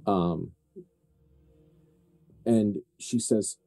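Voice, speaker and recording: A man narrating as game master of a tabletop horror game, animated and quick to laugh. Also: lowish voice.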